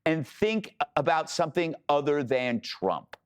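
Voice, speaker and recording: A man's voice: fairly high pitch, sing-song, measured pace, clean tone. A man on a news panel, mocking and sarcastic, often restarting his sentences. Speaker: co-host of panel show. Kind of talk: casual panel commentary.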